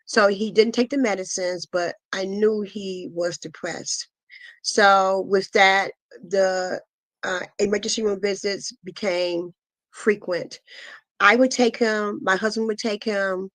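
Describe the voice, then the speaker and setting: A middle-aged woman giving a guest interview, telling a painful personal story in an earnest, halting way full of pauses and fillers. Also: medium pitch, fairly even intonation, no echo. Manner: earnest, intense retelling. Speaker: guest, asthma foundation founder. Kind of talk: emotional personal testimony.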